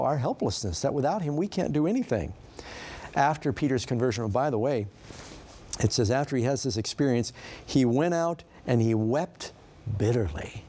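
Mellow-voiced man preaching a sermon. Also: medium pitch. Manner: conversational storytelling, asks the audience questions. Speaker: pastor.

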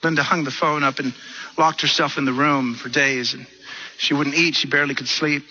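Brief: male preacher, high, very bright and husky voice, stammering restarts, dull lo-fi sound. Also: moderate pace. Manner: animated, repeats words when starting sentences. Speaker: pastor. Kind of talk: sermon storytelling. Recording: dull lo-fi recording.

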